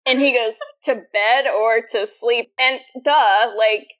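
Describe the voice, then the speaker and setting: Animated, laughing young woman podcaster. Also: a little high, takes it slowly, low-quality recording. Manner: animated, laughing, acts out quoted lines. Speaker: podcast co-host. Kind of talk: casual chat.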